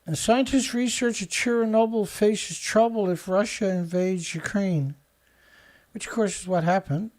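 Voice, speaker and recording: A man's voice: high-pitched, unhurried, a little mellow. Guy hosting his own show, reads headlines then rants back at them, sarcastic and fired up. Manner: sarcastic, indignant, heckles headlines aloud. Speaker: show host. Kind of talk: ranting commentary on news headlines.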